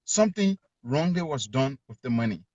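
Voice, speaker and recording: A man's voice: mid-range voice, sing-song, normal speed, darkish tone, no echo, highs cut off. A man with a Liberian accent, a journalist calling in who argues emphatically and repeats his key words. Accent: Liberian English. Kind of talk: call-in talk show.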